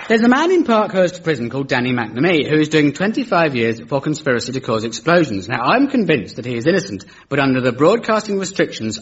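A man giving a deadpan satirical lecture in a mock-formal, dry manner. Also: mid-range voice, highs cut off, background noise. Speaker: comedy lecturer.

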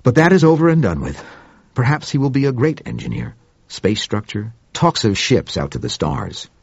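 A man playing a grave, courteous middle-aged man who speaks quietly and earnestly, in an audiobook reading. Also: mid-range voice, big pitch swings, moderate pace, creaky, no echo, dull audio.

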